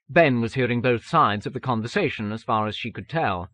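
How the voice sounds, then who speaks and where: A man reading an audiobook in a measured, even manner. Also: medium pitch, no echo. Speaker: audiobook narrator. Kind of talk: scripted narration.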